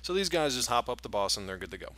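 A man's voice: medium pitch, fast. A man co-hosting a podcast, joking and retelling cartoon scenes in casual chat. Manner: animated, jokey retelling with acted-out quotes. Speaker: podcast co-host.

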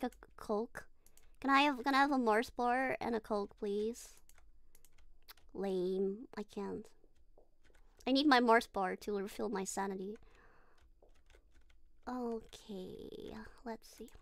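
A woman's voice: fairly high pitch, a bit bright, dry recording. A woman streaming a horror game, not a native English speaker, talking nervously and swearing when startled. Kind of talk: live horror game playthrough.

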